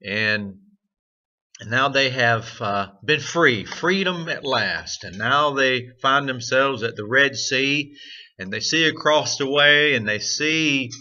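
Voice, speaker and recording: Earnest man, bright lo-fi voice. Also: mid-range voice. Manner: earnest storytelling with frequent fillers. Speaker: host of a morning devotional. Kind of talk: devotional talk with a story. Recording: dull lo-fi sound.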